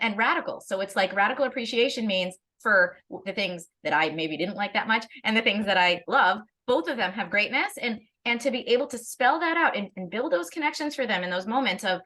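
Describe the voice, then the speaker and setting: Animated, bright-voiced woman talking parenting. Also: a little high. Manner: animated, restarts often, laughs while talking. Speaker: parenting educator. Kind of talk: casual conversation.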